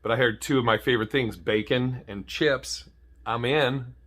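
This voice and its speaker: A man's voice: medium pitch, steady tone, moderate pace, a bit bright. A man telling comedic stories to camera, swearing freely and laughing at his own jokes.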